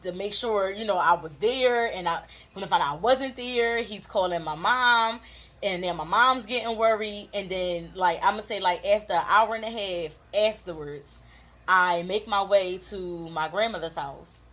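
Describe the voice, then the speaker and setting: Philly woman in her 30s chatting w her husband, animated, laughs a lot, says like a lot. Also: medium pitch. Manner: animated, laughing often, quick asides with "like". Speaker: co-host of a couples channel. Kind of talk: casual storytelling chat.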